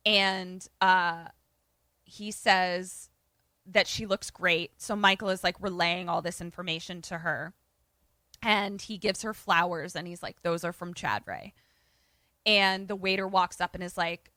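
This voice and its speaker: A woman's voice: fairly low pitch, unhurried, no room sound. A woman co-hosting a podcast, casually recapping a movie and acting out the characters' lines. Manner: animated retelling, acts out characters' lines. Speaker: podcast co-host.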